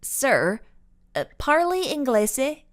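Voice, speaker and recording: A woman's voice: sits high, big pitch swings, slow pace, voice pushed up, heavily acted. Ava, a woman doing a polite young girl. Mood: polite, puzzled. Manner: polite, over-enunciating. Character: polite, quick-witted young detective girl.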